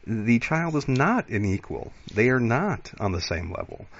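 A man's voice: mid-range voice, big pitch swings, a little slow, vocal fry, no echo. A man hosting a casual discussion, speaking reflectively and often saying "you know.". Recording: dull lo-fi sound.

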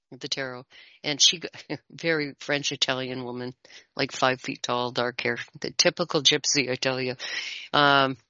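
Tarot reader guest chatting loosely, laughs often, bright tone, dry close sound. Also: medium pitch, dry recording, dull audio. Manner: rambling, chuckles often. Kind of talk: casual conversation.

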